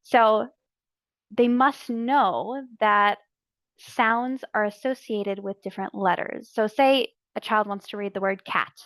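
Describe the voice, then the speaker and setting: A woman presenting a training session for early childhood educators, explaining letters and sounds clearly and deliberately. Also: mid-range voice, a bit bright, no echo. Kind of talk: instructional narration.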